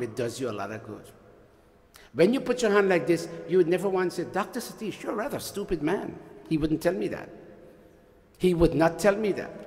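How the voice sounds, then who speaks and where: High-voiced man teaching in a temple hall. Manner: animated, teasing, has the audience repeat lines. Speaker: teacher leading a temple workshop. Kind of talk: interactive sermon-style lecture.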